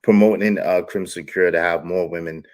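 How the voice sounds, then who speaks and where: A man hosting a live panel discussion, giving measured, somewhat defensive explanations. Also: sits low, fairly even intonation.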